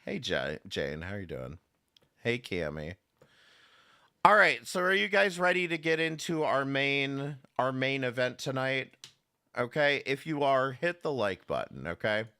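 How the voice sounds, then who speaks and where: A man's voice: mid-range voice, sing-song, measured pace, sharp tone, clean tone. A man hosting a live commentary stream, talking casually and sarcastically, greeting chatters by name and rambling with restarts and swearing. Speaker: livestream commentary host.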